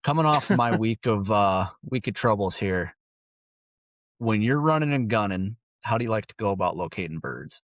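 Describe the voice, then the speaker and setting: A man hosting a podcast, asking relaxed, easygoing questions in a casual chat. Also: on the low side, moderate pace, no echo. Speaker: podcast host.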